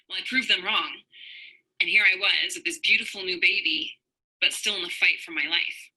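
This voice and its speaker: A woman's voice: fairly low pitch, a little fast, sharp tone, slightly rough, poor audio. A woman in her thirties, a marriage coach, speaking straight to viewers in an earnest, personal livestream talk. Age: 30s. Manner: earnest personal storytelling, addresses viewers directly.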